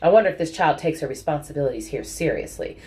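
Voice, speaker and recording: A woman's voice: low-pitched, animated, fast, a little mellow. A woman voicing a prim, fussy woman who bosses a child around with clipped instructions. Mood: bossy.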